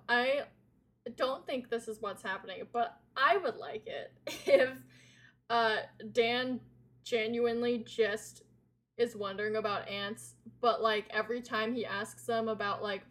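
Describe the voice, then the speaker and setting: A woman's voice: fairly high pitch, fairly even intonation, measured pace. A young woman co-hosting a podcast, chatting casually with frequent laughs and lots of filler words. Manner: giggly, rambling, lots of "like". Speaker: podcast co-host. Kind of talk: casual chat.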